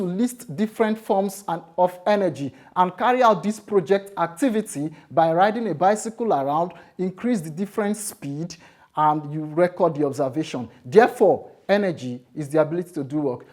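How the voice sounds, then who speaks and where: A woman with a Nigerian accent gives a science lesson. Her voice sits fairly low. She explains plainly and sets assignments. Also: dark tone. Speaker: teacher contestant. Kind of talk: classroom lesson.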